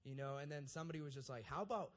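A man's voice: medium pitch, flat delivery, rapid-fire. A young adult man, a youth pastor, reads scripture and then preaches a casual, conversational sermon, often checking in with the audience by asking "right?".

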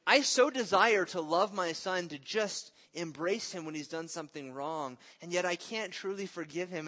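Earnest and conversational, a thirties-aged pastor preaches while sharing stories from his family life. He speaks forcefully in a bright voice that sits on the high side.

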